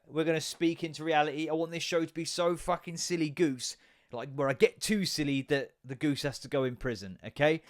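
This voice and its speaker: A young man hosting his own podcast, rambling and joking with lots of swearing and sudden loud bursts. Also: on the high side. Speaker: podcast host. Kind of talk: casual solo podcast rant.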